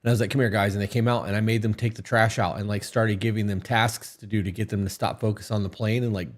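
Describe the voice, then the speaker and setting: A man's voice: lowish voice, fairly even intonation, fast. A man co-hosting a podcast, giving blunt advice in casual chat and swearing freely. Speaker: podcast co-host.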